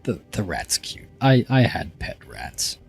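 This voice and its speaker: A man's voice: sits low, very animated, slow, creaky, darkish tone, faint music behind. A man chatting casually while live-streaming a game, rambling and joking about himself with small stumbles.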